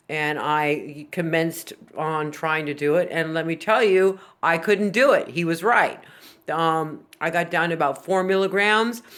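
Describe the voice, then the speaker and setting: A woman's voice: deep voice, fairly bright tone. A woman vlogging directly to camera about her own recovery, speaking frankly and earnestly, with plenty of fillers. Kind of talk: casual direct-to-camera talk.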